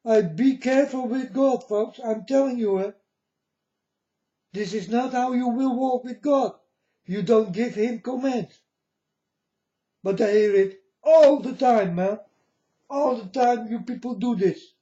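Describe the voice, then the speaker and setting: Slow, high-voiced man lecturing. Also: warm tone. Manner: lecturing, repeats "folks" and "you understand". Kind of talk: preachy monologue to viewers. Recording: echoey room, dull lo-fi sound.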